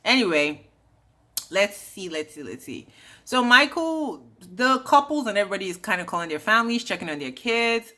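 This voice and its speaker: Chatty woman doing a show recap, bright sharp voice, slangy and opinionated. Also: mid-range voice, sing-song, moderate pace. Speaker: reality TV recap host. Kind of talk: casual chat recapping a show.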